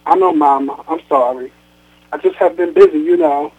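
A man's voice: on the high side, big pitch swings, normal speed, gravelly, breathy edge, exaggerated voice. A man reading as a weary, defensive grown daughter. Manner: apologetic and evasive. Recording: tinny phone line.

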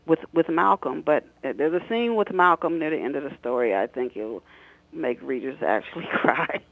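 A man's voice: fairly high pitch, no room sound. A man, an author, reading a scene from his novel aloud expressively on a radio talk show, then chatting about it. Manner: expressive, shouts characters' lines. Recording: tinny phone line, dry.

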